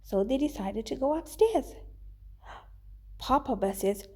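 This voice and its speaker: Animated woman teacher reading a story. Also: sits high, a little slow, husky. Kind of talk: story reading lesson for students.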